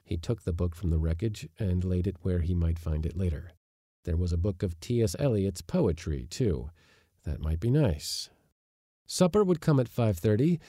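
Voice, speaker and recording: A man reading a short story aloud, acting out the dialogue with big jumps in pitch and force. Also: very animated, moderate pace, mellow, no echo, clean studio sound. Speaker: narrator.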